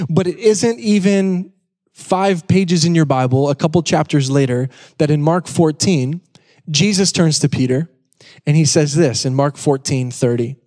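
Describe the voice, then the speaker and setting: In the large hall of a church sanctuary, a pastor delivers a sermon in a relaxed, joking manner, driving his main points home through emphatic repetition. He speaks at a moderate pace, and his voice is slightly high and slightly mellow.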